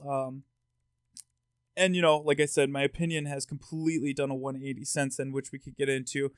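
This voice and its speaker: A man co-hosting a podcast, telling stories in an animated, rambling way with many restarts. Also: mid-range voice, fairly quick, clean tone, no echo, clean studio sound. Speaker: podcast co-host. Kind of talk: casual podcast chat.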